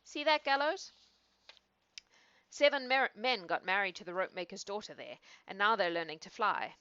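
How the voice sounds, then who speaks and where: A woman's voice: medium pitch, lively intonation, normal speed, sharp tone, smooth, dry recording, lo-fi sound. Woman doing a wry sly traveler. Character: sly wayfaring man with grim humor.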